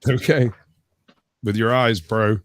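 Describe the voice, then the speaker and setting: A man's voice: lowish voice, steady tone, slow, no echo, studio quality. A man in casual panel chat, jokey and full of slang. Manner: slangy, jokey, says bro. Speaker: panel guest.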